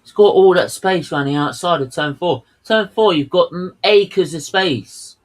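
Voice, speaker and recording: A man's voice: high voice, moderate pace, rough recording. A man co-hosting a race watchalong, ranting heatedly and swearing at the drivers. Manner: heated, swearing, fuming outbursts. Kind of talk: live race commentary rant.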